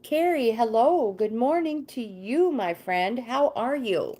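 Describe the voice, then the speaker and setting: Slow-talking woman reading tarot live. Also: fairly high pitch, expressive, dark tone. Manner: chatty, easily sidetracked, greets viewers by name. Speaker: livestream host and tarot card reader. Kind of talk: casual livestream chat with card readings.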